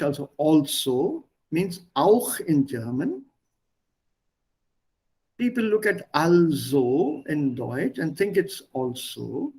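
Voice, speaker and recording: A man teaching a language lesson online, explaining word pairs patiently with pauses. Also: fairly high pitch, darkish tone, breathy edge, poor audio.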